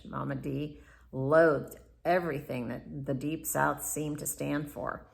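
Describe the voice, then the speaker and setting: Woman, memoir narrator, low-pitched, heavy vocal fry, reflective, candid. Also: steady tone, takes it slowly. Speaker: memoir author. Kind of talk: first-person memoir narration.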